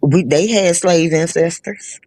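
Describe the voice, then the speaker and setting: A woman's voice: lowish voice, unhurried, a little mellow, dry recording. A blunt, profane woman, speaking in a casual live chat. She often restarts her sentences mid-thought. The sound is dry and close.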